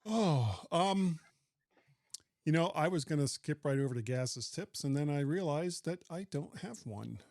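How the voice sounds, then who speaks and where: A man hosting a tech podcast, chatting in an animated way. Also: fairly high pitch, unhurried, dry recording, clean studio sound. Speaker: podcast host. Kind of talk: casual tech podcast chat.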